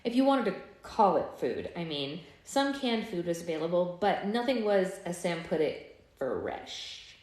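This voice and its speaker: A woman's voice: on the low side, very animated, unhurried, darkish tone. A woman hosting a live book club, chatting casually and reading a novel aloud with offhand asides. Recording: echoey room.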